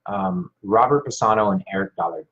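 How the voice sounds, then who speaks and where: A man livestreams from Hawaii, rambling casually with many fillers and restarts as he reads viewer comments. His lowish voice is brisk, and the sound is dull and lo-fi.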